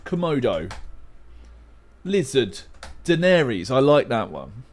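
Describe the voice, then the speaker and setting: Playful young male streamer, lively pitch. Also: slow, a little hiss or hum. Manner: playful, self-mocking, muttering guesses aloud. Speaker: livestream host. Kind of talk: casual livestream chat while playing a word game.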